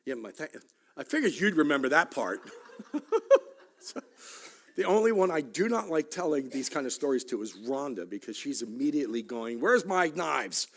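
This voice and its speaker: Lively, joking man teaching Sunday school. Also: mid-range voice, moderate pace. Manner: joking asides, frequent "right?" and "okay?". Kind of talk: conversational church teaching. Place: church Sunday school class.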